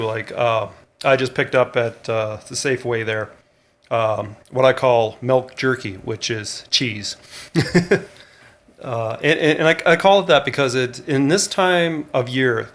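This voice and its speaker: A man's voice: medium pitch, a bit bright. Rambling man, tired vlogger. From Canada. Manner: rambling, chuckling, many fillers and restarts. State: tired after a long day of running. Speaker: vlogger on a cross-country run. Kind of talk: casual spoken vlog diary.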